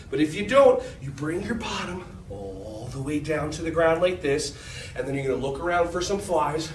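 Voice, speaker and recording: A man's voice: a little high, noisy background. A man leading a children's movement class, upbeat and playful, coaxing the kids along with animal sound effects. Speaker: children's fitness instructor. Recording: roomy echo, from a distance.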